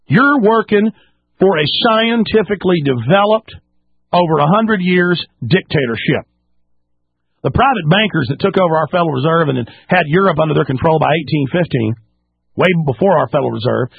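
A man hosting talk radio in a furious, ranting monologue, his voice gravelly and husky and pitched a little high. He lurches up and down in pitch for emphasis. The sound is dry and narrow, as if heard through a phone line. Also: animated, fairly quick, no room sound. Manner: angry, ranting, emphatic, with sudden pitch jumps and drops. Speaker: radio talk show host.

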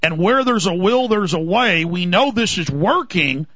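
Male talk radio host, high bright voice, halting delivery, dull dry broadcast sound. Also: expressive, slightly rough, no room sound.

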